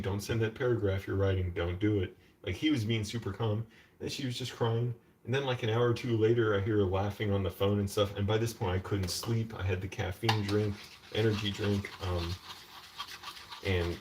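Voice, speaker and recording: A man ranting at home in a live stream, telling a long story with many fillers and restarts. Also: fairly low pitch. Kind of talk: casual rambling rant. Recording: distant mic with faint background noise.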